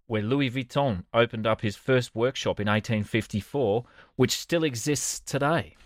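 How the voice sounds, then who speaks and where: A man's voice: mid-range voice, normal speed, no echo. A man with an Australian accent, co-hosting a podcast and telling a story with dry, sardonic humour and casual swearing. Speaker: podcast co-host. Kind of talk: comedic storytelling chat.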